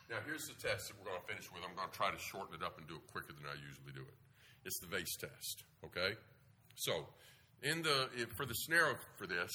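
Animated man speaking in an echoey room. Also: low voice, noisy background. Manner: animated, emphatic storytelling with asides. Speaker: speaker on parenting. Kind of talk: live talk to an audience. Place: room with a live audience.

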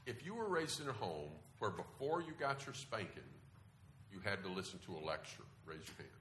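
Middle-aged male preacher, lively delivery, bright voice, echoey church hall. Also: lowish voice, fairly quick, slight background noise. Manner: animated storytelling with sudden loud bursts. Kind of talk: sermon. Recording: echoey room.

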